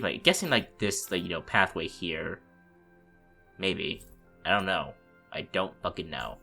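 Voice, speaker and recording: A man's voice: mid-range voice, pushed and bright. A man commentating his video game playthrough, frustrated and swearing, full of "like, you know" fillers. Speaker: let's play host. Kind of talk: casual gameplay commentary.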